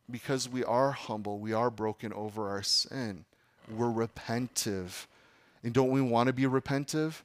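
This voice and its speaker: Conversational pastor preaching, dry sound. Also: male voice, medium pitch, dry recording. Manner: conversational preaching with frequent "okay" and "guys", rising to emphatic peaks. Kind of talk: sermon.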